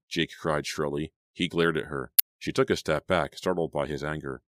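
Very deep-voiced male audiobook narrator. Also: no echo, studio quality. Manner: steady, measured reading.

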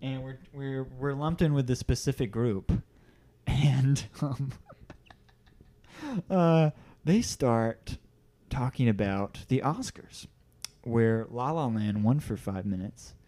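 A man co-hosting a podcast, telling stories in casual chat, animated and laughing often. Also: medium pitch, slow pace. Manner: animated storyteller, laughs often, does voices. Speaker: podcast co-host.

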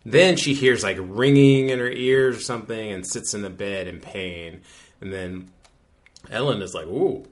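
A man co-hosting a podcast recaps an episode casually, rambling with many fillers and restarts. His voice is on the low side, and he talks at a moderate pace.

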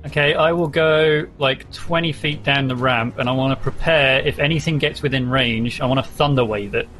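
A man's voice: medium pitch, moderate pace, a bit bright, faint music behind. A man playing a tabletop game, plain and matter-of-fact. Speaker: player. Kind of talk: casual tabletop play.

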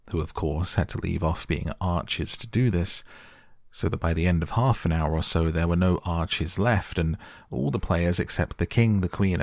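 A man narrating a storybook in a soft, slow, calm bedtime manner. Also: low voice, vocal fry, dry recording, clean studio sound. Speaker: audiobook narrator.

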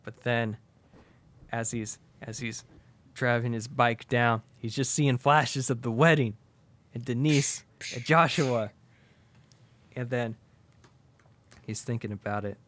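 Guy on a podcast spinning a silly movie plot, keeps doing squeaky voices, laughs a lot, dry close mic. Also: slow, pauses often, dry recording. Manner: animated, jumps into squeaky high voices for characters, laughs often. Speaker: podcast co-host pitching a movie sequel. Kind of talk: casual comedic storytelling.

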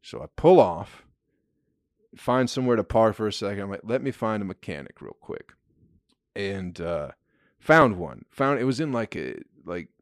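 A man's voice: on the low side, no room sound, studio quality. A young man casually telling a story, laid-back, swearing freely and laughing often.

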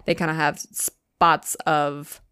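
A woman's voice: deep voice, little pitch movement, takes it slowly, pushed and bright, clear, resonant tone, no echo, clean studio sound. A woman in her late twenties co-hosting a podcast, telling a story in a casual chatty way, swearing and laughing often. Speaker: podcast co-host.

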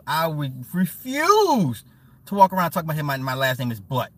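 A man hosting a casual livestream, reading chat aloud and riffing with loud laughs, mockery and swearing. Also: fairly high pitch, brisk. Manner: animated, laughing, mocking, swearing.

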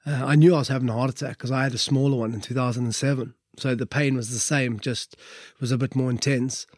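A man's voice: mid-range voice, fairly even intonation, fast, darkish tone, no echo, clean studio sound. A middle-aged Welsh man and former rugby player telling his story in a casual interview, chatty and full of fillers. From Wales. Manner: conversational, lots of fillers and "like".

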